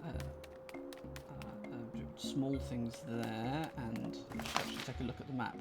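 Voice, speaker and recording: Man, let's-play host, casual game commentary, self-mocking jokes, mid-pitched, game music behind. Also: steady tone, measured pace, gravelly. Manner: self-deprecating, jokey asides.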